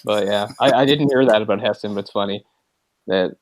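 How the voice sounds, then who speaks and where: A man's voice: on the low side, a little fast, dry recording. Guy co-hosting a movie podcast, rambly, loses words, laughs a lot, dry sound. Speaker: podcast co-host. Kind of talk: casual movie discussion.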